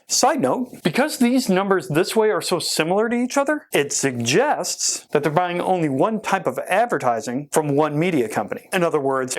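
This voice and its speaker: Folksy male podcast host, lively pitch. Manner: folksy, upbeat, playful asides. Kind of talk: casual talk presenting survey data.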